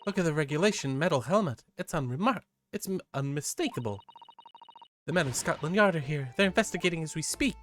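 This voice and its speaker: A man's voice: a little high, animated, quick pace, fairly bright tone, faint music behind, voice pushed up. A man voicing a polite, eager young female assistant in a game. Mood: excited.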